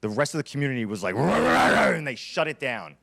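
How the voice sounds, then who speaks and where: A man's voice: medium pitch, lively intonation, quick pace, a bit bright. A man in his thirties giving a motivational keynote, telling stories dramatically and repeating key lines for emphasis. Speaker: keynote speaker.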